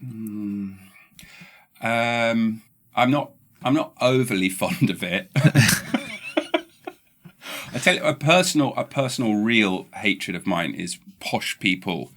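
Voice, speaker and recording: A man's voice: on the low side, slow, long pauses. A man with an English accent hosting a podcast in casual, rambling chat, often restarting his sentences. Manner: rambling, restarts often, animated when quoting. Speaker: podcast host.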